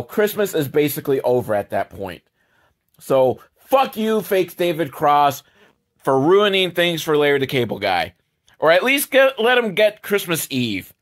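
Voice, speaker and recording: A man giving a crude, sarcastic comedic recap of a movie, swearing freely and jumping up in pitch for emphasis. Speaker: movie commentator.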